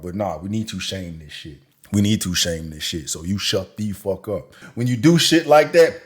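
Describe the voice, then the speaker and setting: A man delivering a reaction commentary, his voice sitting at an ordinary middle pitch. He rants in crude slang, mocking and blunt, swinging between low muttering and loud jeers. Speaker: commentary channel host.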